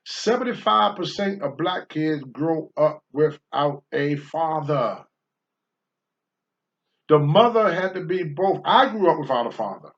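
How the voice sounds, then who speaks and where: A man's voice: on the high side, expressive, a little slow. An older man, a former pro wrestler, speaking bluntly and with profanity as a talk-show guest. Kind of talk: candid talk-show storytelling. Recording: dull lo-fi sound.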